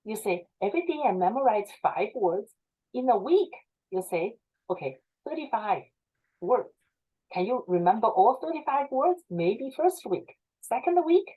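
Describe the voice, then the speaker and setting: A woman's voice: on the high side, husky. A woman professor giving patient, step-by-step study advice to students over a video call. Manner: patient, encouraging, explains step by step. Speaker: English professor. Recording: tinny call audio.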